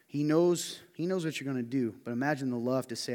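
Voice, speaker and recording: A man with a Southern US accent preaching a sermon as pastor, animated and joking, swinging between loud emphasis and hushed asides. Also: mid-range voice, brisk. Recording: reverberant hall.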